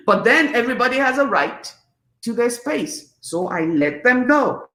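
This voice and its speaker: A woman's voice: fairly high pitch, moderate pace. Emphatic woman in her fifties, echoey room. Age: 50s. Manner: emphatic, animated, preachy. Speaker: host. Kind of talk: live-stream talk reading comments.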